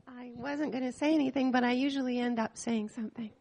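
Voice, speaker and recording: Older woman from Canada, fairly high and gravelly, sharing a tender church testimony. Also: fairly even intonation, a little mellow. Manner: emotional, personal, pausing and restarting. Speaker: missionary speaking to a church.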